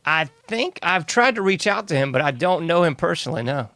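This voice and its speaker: A man's voice: fairly high pitch, lively intonation, a little fast, sharp tone, dry recording. A man hosting a casual interview, laid-back and slangy, often saying man. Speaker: host.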